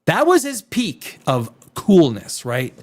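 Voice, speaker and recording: A man hosting a live stream, ranting casually with profanity, jumping between loud outbursts and low mutters. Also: huge pitch swings, slow. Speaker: live show host.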